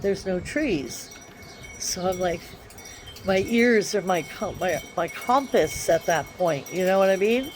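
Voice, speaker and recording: Slow-talking woman rambling outdoors. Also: medium pitch, noisy background. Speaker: vlogger. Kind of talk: rambling casual monologue. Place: backyard by a wooded area, outdoors.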